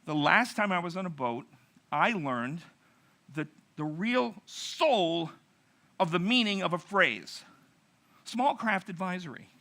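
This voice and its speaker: A middle-aged pastor telling a narrative sermon, acting out quotes with dramatic pauses. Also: male voice, high voice, expressive, sharp tone.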